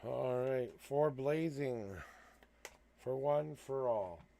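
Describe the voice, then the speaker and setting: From home, with a cat nearby, a tarot reader livestreams, counting out cards and then offering earnest blessings and spiritual encouragement. His mid-range voice is creaky and warm, extremely slow, with slight background noise.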